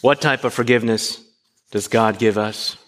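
A man's voice: on the low side, moderate pace. A man preaching a sermon, asking his listeners questions and acting out short dialogues. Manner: animated, asks the congregation questions. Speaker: pastor. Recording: long hall reverb.

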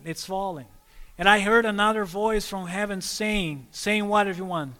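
Male preacher, high and bright, call-and-response sermon style. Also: moderate pace, in a large hall. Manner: prompts listeners to fill in words, calls them friends.

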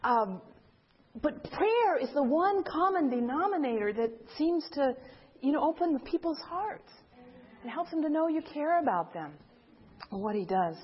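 A high-pitched woman speaks unhurriedly, captured on a muffled recording. She gives a church testimony to an audience, telling a personal story animatedly and acting out the voices of the people in it.

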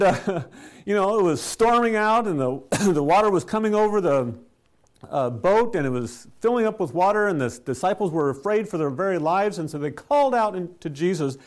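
A man preaching a sermon, telling stories with rhetorical questions and soft chuckles. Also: high-pitched. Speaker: pastor.

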